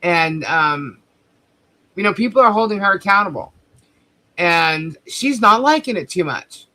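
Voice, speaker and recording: A woman's voice: fairly low pitch, lively intonation, unhurried, pushed and bright. A woman hosting a livestream, delivering a heated, profane, confrontational commentary rant. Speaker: livestream host.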